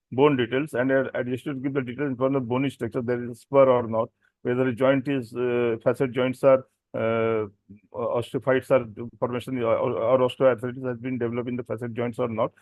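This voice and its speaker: Male doctor, Indian English accent, mid-range voice, dry recording; reads a technical talk with frequent pauses and restarts. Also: mid-range voice, darkish tone, no echo. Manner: hesitant, many fillers and self-corrections. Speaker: doctor presenting at a medical symposium. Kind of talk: technical lecture.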